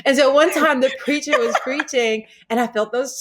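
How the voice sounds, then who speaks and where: A woman's voice: high voice, normal speed, hardly any pauses, a little hiss or hum. A woman from Tennessee with a Southern accent, a guest telling her life story in an interview, acting out what people said with laughs. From Humboldt, Tennessee, US. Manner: animated, acts out quotes with laughter.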